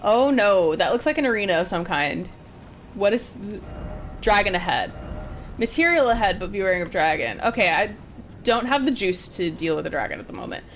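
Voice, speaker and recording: A young woman streaming a game, chatting and gushing excitedly as she plays and reacts. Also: mid-range voice, normal speed, slight background noise. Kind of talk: live gameplay commentary. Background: game music.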